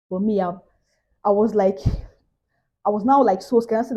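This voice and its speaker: Young woman, Nigerian accent, casual storytime vlog, rapid delivery, husky tone, acts out voices. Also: mid-range voice, dull audio. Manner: animated storytelling, acting out quoted voices. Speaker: vlogger.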